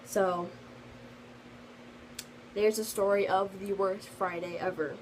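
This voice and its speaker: A woman's voice: medium pitch, fairly even intonation, slow pace, slight background noise, low-quality recording. A teenage girl telling a storytime vlog in a rambling, casual way, full of fillers, and slightly sick. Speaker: vlogger.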